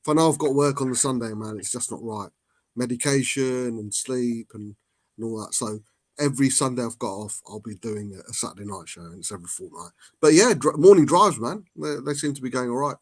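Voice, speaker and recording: A laid-back man, chatting about football in a mid-pitched, even voice. He talks casually and lets the odd swear word slip. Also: fairly quick, no room sound. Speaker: co-host of a fan show. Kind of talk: casual chat.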